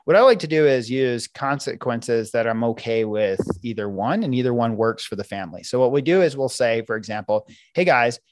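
Middle-aged male parenting coach, animated delivery, dry close sound. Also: medium pitch, no echo. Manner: animated, acts out parents and kids in quoted voices. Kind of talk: podcast interview explaining parenting techniques.

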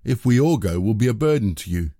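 A man reading the lines of a grave, firm old king in a measured, plain voice. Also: on the low side, animated, mellow, no room sound, clean studio sound.

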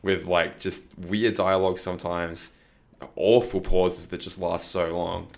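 A man's voice: deep voice, little pitch movement, a little slow, vocal fry. A man speaking as a guest on a casual podcast, ranting in exasperation and laughing often.

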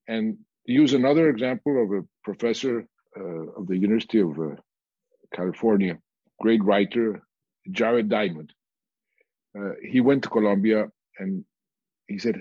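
A man telling a story in a measured, deliberate way, pausing often and restarting his phrases. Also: fairly low pitch, warm tone, slightly rough, no echo, muffled recording. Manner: measured, with frequent pauses and restarts. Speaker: guest speaker on peace and reconciliation.

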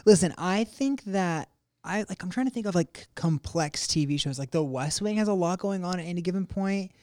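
A man co-hosting a casual podcast, animated and laughing as he acts out other people. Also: high-pitched, a little fast. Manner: laughs often mid-sentence. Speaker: podcast co-host. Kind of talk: casual chat.

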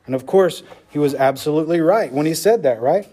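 A man's voice: a little high, expressive, brisk, mellow. A man, a pastor, preaching a sermon with emphatic delivery, often checking in with the congregation with "okay?" and "right?".

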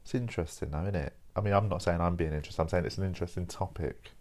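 A man's voice: deep voice, rapid-fire, darkish tone. A young man rambling casually over coffee, informal and sweary, dropping "mate" and "like" as he talks. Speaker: podcast host.

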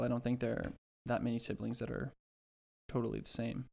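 A man's voice: mid-range voice, completely flat delivery, a little fast, gravelly, darkish tone. A man co-hosting a podcast in casual chat, rambling and hesitant, with lots of restarts and dry sarcastic asides. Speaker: podcast co-host.

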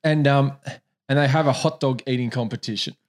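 A man's voice: mid-range voice, brisk. A man co-hosting a podcast in casual chat, easygoing and swearing casually, with the hiccups. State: has the hiccups. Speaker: podcast co-host.

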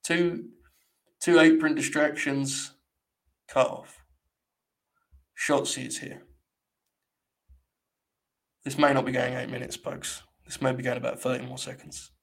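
A man's voice: mid-range voice, little pitch movement, a little slow, gravelly, long pauses. A young man hosting a live stream, giving blunt, sarcastic, casual commentary and swearing freely.

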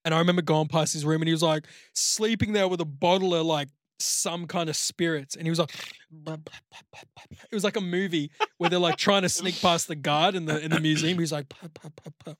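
This podcast co-host, an Australian man, spins a long rambling anecdote that's crude and full of swearing and "like," all in casual conversation. His fairly high voice holds a steady tone at a moderate pace, and the studio recording is clean, without room sound.

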